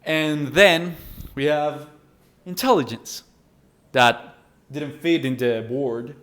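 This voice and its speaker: A man's voice: a little high, slow pace, a bit bright. A man whose first language is Spanish gives casual instructional talk on public speaking, addressing the viewer directly and often correcting himself. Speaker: self-improvement vlogger teaching public speaking.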